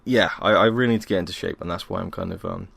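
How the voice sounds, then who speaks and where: Deep-voiced tired young man rambling. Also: huge pitch swings, very fast, vocal fry, fairly bright tone, no room sound. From Wales. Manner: rambling, self-deprecating, many ums. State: tired after a workout. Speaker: podcast host. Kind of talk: casual solo podcast monologue. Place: home.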